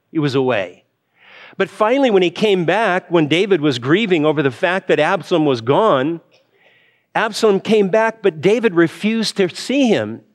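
Earnest guy preaching a sermon, kinda high voice, repeats himself a lot for emphasis. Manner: earnest, repeats and restarts phrases, rising for emphasis. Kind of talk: sermon, Bible exposition.

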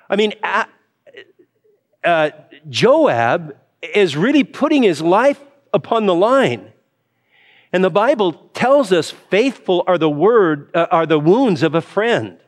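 A man's voice: sits high, very animated, slow pace. A man preaching a Bible sermon in an earnest way, repeating and restarting phrases and lifting his voice for emphasis.

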